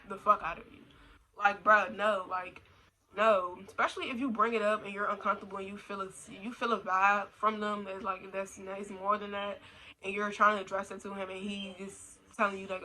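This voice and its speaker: A woman's voice: medium pitch, steady tone, fairly quick, bright, forceful tone, poor audio. A young adult woman talking casually in a blunt, slangy, profane way, repeating her points for emphasis. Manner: repetitive, emphatic. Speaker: vlogger. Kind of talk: casual rant.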